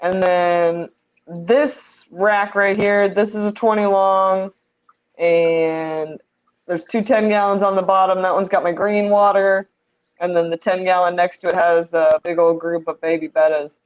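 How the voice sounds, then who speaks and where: A woman's voice: fairly low pitch, fairly even intonation, unhurried, highs cut off. A woman giving a casual tour of the fish tanks in her home, chatty and self-deprecating, laughing easily.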